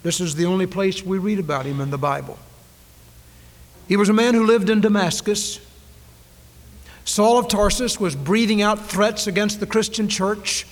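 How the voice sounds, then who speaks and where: On a 1990s church recording with a big-room sound, a man with a voice that sits high preaches a dramatic sermon at normal speed, pausing often. He repeats key phrases and moves between loud declarations and hushed lines.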